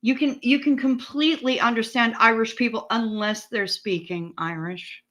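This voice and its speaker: A woman's voice: on the high side, moderate pace, pushed and bright. A woman in her forties from the United States, chatting casually with her livestream viewers, rambling and swearing freely. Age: 40s. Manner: profane, rambling, talks back to chat. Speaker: livestream host. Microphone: streaming setup.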